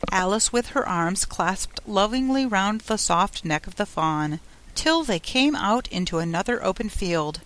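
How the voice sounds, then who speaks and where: A woman narrates a children's storybook with an animated, expressive delivery. Her voice sits at a middle pitch but moves a lot, rising and falling through each sentence. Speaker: audiobook narrator.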